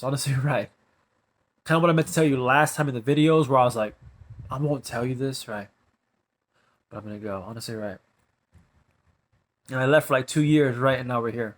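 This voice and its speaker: A man of ordinary pitch rambling on camera. He loops back to "bro" and "right" at the end of nearly every line. Now and then he drawls and lets his voice sink into quiet asides. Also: a little fast, long pauses.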